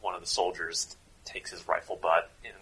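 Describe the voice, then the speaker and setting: A man running a tabletop role-playing game, narrating in a relaxed way with chuckles and fillers. His voice is bright and somewhat husky, pitched a bit low. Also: normal speed, low-quality recording. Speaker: game master.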